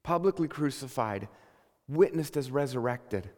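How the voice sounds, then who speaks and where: A man preaching a sermon, conversational and animated, telling stories with emphatic bursts. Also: mid-range voice, unhurried, big-room sound. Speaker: pastor.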